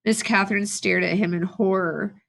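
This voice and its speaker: Brief: female teacher reading a novel aloud to students, steady, with a gravelly fry. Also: medium pitch, moderate pace. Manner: steady, plain read-aloud with brief asides to the class.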